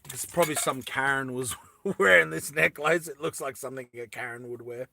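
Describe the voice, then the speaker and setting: Man, bright forceful voice, joking with viewers, dry close sound. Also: medium pitch, brisk, creaky, no echo. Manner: playful, giggly, chatty with viewers. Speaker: live streamer making jewellery. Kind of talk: casual live-stream chat while crafting.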